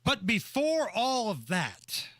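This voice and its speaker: A male co-host on talk radio, setting up each bit in a playful storytelling way. His voice is high and bright, and the studio sound is dry. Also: huge pitch swings, takes it slowly, no room sound.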